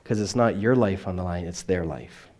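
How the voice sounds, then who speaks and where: A man giving a sermon as a missionary speaker, telling a personal story earnestly and swinging from loud emphatic lines to quiet, dropped endings. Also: low voice, normal speed.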